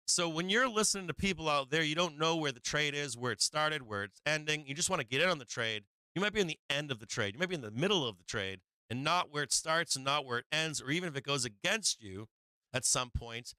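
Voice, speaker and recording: Brief: male stock-stream host, bright and clear tone, close dry mic, loose and profane, voice getting worn. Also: fairly high pitch, no room sound. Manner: profane, chatty, laughing while watching charts. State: strained, tiring voice. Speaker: livestream trading host. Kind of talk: casual live-stream market commentary.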